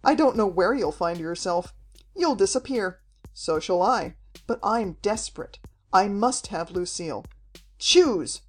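A woman's voice: mid-range voice, animated, unhurried, slightly rough. A woman reading aloud, voicing a mocking, desperate male villain in an audiobook. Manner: snarling, mocking.

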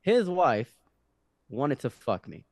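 A medium-pitched man in his twenties talks slowly as a podcast guest, telling a lively, rambling story with many restarts. A little hiss or hum runs under the recording.

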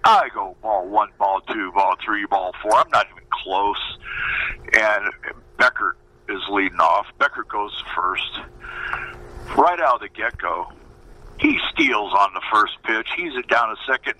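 A man in his seventies, a former pitcher, telling a story animatedly in a radio interview, acting out other people's voices. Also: unhurried, low-quality recording. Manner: lively storyteller, acts out quoted voices. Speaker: former baseball pitcher, guest.

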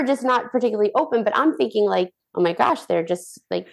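A woman's voice: medium pitch, fast, gravelly, few pauses. Bubbly woman telling a story. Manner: bubbly, animated, acts out quoted voices. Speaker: guest, former cruise ship dancer. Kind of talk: casual storytelling interview.

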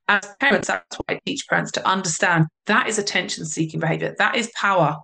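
A woman, a parenting coach giving advice in a podcast interview, explaining calmly with emphatic repeats. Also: on the low side, brisk, vocal fry.

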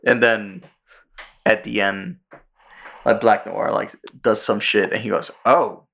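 A man's voice: fairly low pitch, measured pace, vocal fry. Casual man retelling a show. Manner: animated retelling with put-on character voices and swearing. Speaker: podcast host. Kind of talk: casual chat.

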